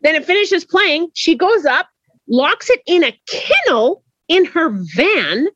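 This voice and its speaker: A woman's voice: very high-pitched, sing-song, slow pace, fairly bright tone, dry recording. A woman chatting as a podcast guest, a little drunk, telling stories bluntly and with plenty of swearing. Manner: blunt and profane. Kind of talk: casual chat. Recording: dull, dry podcast audio.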